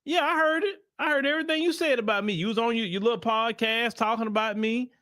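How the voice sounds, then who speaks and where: A man's voice: very high-pitched, quick pace, sharp tone, dry recording, clean studio sound, voice pushed up. A man putting on the voice of a dead man who mockingly scolds a newcomer to the afterlife. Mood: scolding.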